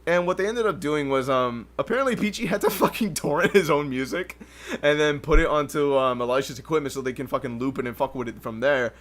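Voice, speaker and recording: A young man hosting a podcast alone, telling a story in an animated, profane way and laughing often. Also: on the high side, fast. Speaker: podcast host. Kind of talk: casual storytelling. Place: home livestream setup.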